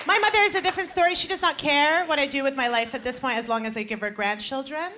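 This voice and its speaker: A woman in her twenties does stand-up comedy on a live stage, with punchy, playful crowd work. Her voice is high and quick, picked up by a stage mic over loud crowd noise.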